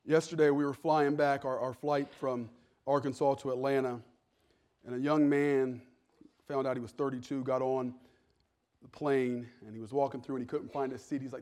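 A male pastor preaching a sermon, swinging between loud, rising exhortation and quiet, chatty storytelling. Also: mid-range voice, flat delivery, normal speed.

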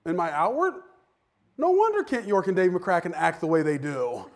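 A man, a pastor, preaching a conversational sermon that swells into fervent shouting. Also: sits high, very animated, normal speed.

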